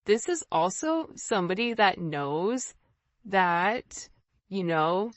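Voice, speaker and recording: A woman's voice: mid-range voice, sing-song, slow pace, no room sound. A woman giving a casual tarot reading, speaking earnestly and repetitively straight to the viewer. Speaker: tarot reader. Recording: slightly dull lo-fi sound.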